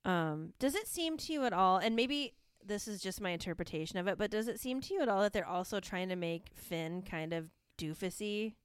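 Woman, podcast co-host, casual chat, enthusiastic, smooth clear tone. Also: medium pitch, lively intonation, a little fast, hardly any pauses, dry recording, clean studio sound. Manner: chatty, enthusiastic, lots of fillers. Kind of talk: casual chat recapping wrestling.

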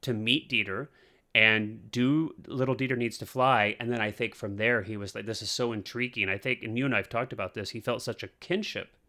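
A man's voice: fairly low pitch, fairly even intonation, fairly quick, sharp tone. A man co-hosting a film podcast, chatting casually with plenty of fillers and easy laughter. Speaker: podcast co-host.

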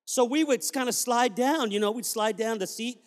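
A man's voice: extremely high pitch, moderate pace. A male pastor preaching a sermon in a church, telling stories and then fervently urging the congregation to praise. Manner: storytelling, fervent, exhorting. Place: church sanctuary. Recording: reverberant church hall.

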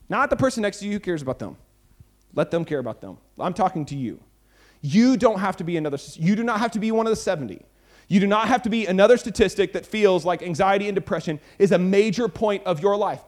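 A man preaching a sermon to a youth conference as pastor, emphatic and repetitive, moving between quiet close remarks and loud urgent lines. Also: high voice. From Texas. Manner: emphatic, repeats lines for effect, shifts from intimate to loud.

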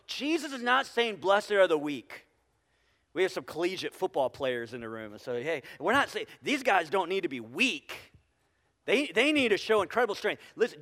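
A man's voice: high-pitched, fairly bright tone. A man preaching a sermon to a congregation, talking conversationally with restarts and frequent tag questions. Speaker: pastor. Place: church sanctuary with congregation. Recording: church hall reverb.

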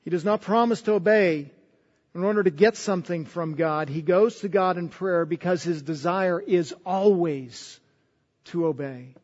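High-voiced man preaching in a reverberant hall. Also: moderate pace, darkish tone. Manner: earnest, repeats words while preaching. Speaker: pastor. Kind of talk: sermon. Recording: dull sound with long hall reverb.

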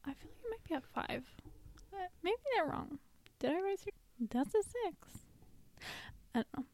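A young woman co-hosting a casual podcast, reading children's letters aloud with soft, giggly asides. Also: very high voice, lively intonation, moderate pace. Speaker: podcast co-host.

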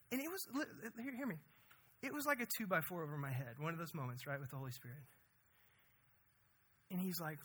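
A man preaching a conversational, energetic sermon as pastor, often asking "right?". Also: high voice, brisk, long pauses, breathy edge.

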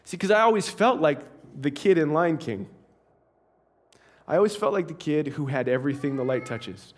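Animated man preaching. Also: on the high side, normal speed. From Canada. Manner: humorous, animated storytelling with asides. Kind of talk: storytelling sermon.

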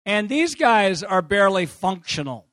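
A male pastor tells a personal story from the pulpit with a high, bright voice. He takes his time over the words, then breaks into laughter and shouts. The sound is close and dry. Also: normal speed, no echo. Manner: animated, laughing, bursts into shouts. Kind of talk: sermon storytelling.

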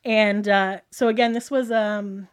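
A woman's voice: medium pitch, steady tone, measured pace, clean tone. A woman from the Toronto area telling a story as a guest, chatty and gushing, full of "like" and quoted dialogue. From Toronto area, Canada. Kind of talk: casual storytelling.

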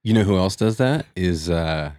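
A man with a very low voice co-hosts a casual studio podcast. He asks curious questions and laughs often. The sound is dry and close. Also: animated, moderate pace, a little mellow, dry recording. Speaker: podcast co-host. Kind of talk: casual chat.

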